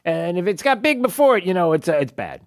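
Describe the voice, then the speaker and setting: A man's voice: high voice, big pitch swings, fast talker. A man hosting a talk radio show, giving mocking, opinionated commentary with frequent laughs and filler words. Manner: sarcastic, mocking, laughs often; many fillers and restarts.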